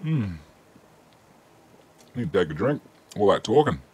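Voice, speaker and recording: A man with an Australian accent and a deep, husky voice hosts a laid-back live-stream Q&A. He talks in a relaxed, chatty way, reading out viewers' questions and filling pauses with ums. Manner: relaxed, chatty, reads chat questions aloud with frequent ums.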